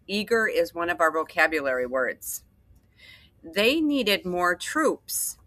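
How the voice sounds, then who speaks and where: Slow, patient woman teacher. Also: fairly low pitch, pushed and bright, dry recording. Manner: slow and patient, repeats and explains words. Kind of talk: reading a story aloud and teaching vocabulary.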